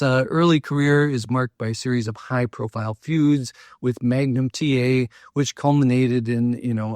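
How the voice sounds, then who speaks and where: A man's voice: medium pitch, a little mellow, dry recording. Chatty man with a dry close sound. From Minnesota, US. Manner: chatty, loose, frequent fillers and asides. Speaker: local history podcast host. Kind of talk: casual storytelling talk.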